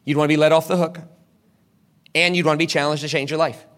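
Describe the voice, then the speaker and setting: A man's voice: on the high side, fairly even intonation, fast, fairly bright tone. A man preaching a sermon as pastor. He asks the crowd questions, answers them himself, and acts out the people in the story.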